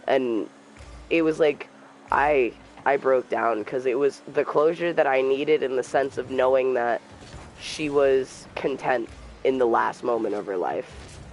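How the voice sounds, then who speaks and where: A young man streaming a game, telling a personal story in a soft, halting voice and trash-talking the game now and then. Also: medium pitch, a little hiss or hum, rough recording. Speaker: gamer streamer. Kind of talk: casual storytelling while gaming.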